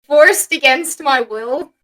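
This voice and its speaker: Young woman, bright tense tone, slow, hesitant, jokey podcast co-host. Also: sits high. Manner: hesitant, joking, trails off with fillers. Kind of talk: casual chat.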